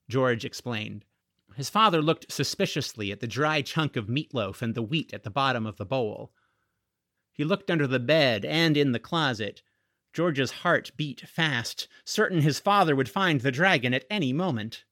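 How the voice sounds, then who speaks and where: A man reading a children's novel aloud in an expressive audiobook narration. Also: mid-range voice, moderate pace, dry recording, clean studio sound. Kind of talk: scripted narration.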